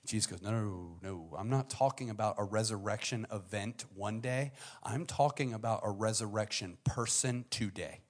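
Preaching in a conversational style, a young man acts out the story's characters at a moderate pace with hardly any pauses. His delivery moves from hushed, low asides to loud, high-pitched outbursts.

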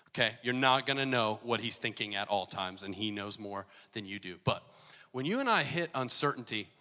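Fired-up preacher guy in his 40s, really bright ringing voice, big echoey hall. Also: medium pitch. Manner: impassioned, rising to near shouts. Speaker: pastor. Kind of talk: sermon. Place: church auditorium.

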